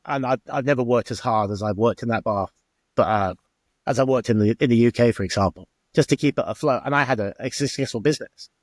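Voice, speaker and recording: A man's voice: medium pitch, fast, no room sound. Chatty man. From England. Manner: chatty, acts out quoted exchanges. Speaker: former bar owner. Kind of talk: interview storytelling.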